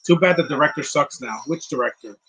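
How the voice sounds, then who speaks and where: A man giving casual live movie commentary, rambling and answering viewers' questions with quick opinions. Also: fairly high pitch, fairly bright tone, husky, rough recording.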